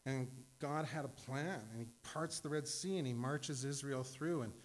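A middle-aged male pastor preaching a sermon in a conversational way, with asides and quick self-corrections. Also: medium pitch.

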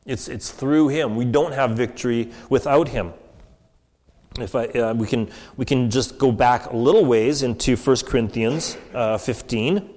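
A man delivers a sermon in a casual, conversational way, often restarting his phrases and asking "right?" to check in. His voice sits at a middle pitch. It rings with a long reverb, as in a church hall. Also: unhurried, a little mellow. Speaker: preacher.

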